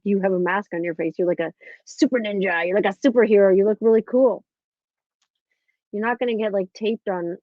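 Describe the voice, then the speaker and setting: A woman's voice: medium pitch, no room sound. A woman hosting a casual live-stream podcast, telling stories in a chatty way, swearing freely and acting out what people said. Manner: chatty storytelling, swears freely, acts out quotes. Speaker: podcast host. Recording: tinny phone-like dry sound.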